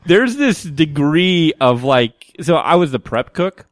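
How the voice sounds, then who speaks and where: A young man rambles through a story in casual talk, his pitch leaping up and down as he laughs it off. The sound is dry and close, with no room in it. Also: big pitch swings, slow pace, dry recording. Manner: rambling storyteller, many fillers, laughs often. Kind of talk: casual chat.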